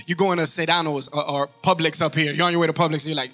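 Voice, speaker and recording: A man's voice: on the high side, steady tone, fast, fairly bright tone, faint music behind. A man pastor preaching a sermon with emphasis, acting out stories as he goes.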